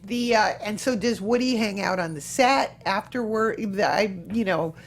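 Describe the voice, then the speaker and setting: A woman hosting an interview, giving short affirmations and asking slow, halting questions. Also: mid-range voice. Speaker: host.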